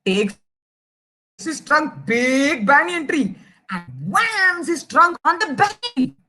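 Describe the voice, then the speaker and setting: A young Indian woman telling a children's story, animated and chatty, speaking straight to the kids listening. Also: high-pitched, takes it slowly. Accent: Indian English. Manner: animated, addresses kids directly.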